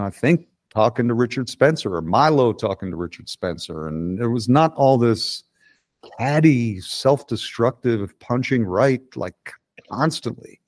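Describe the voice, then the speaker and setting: A man's voice: medium pitch, a little mellow. A middle-aged man guesting on a podcast, talking bluntly and profanely in a casual chat, with frequent restarts.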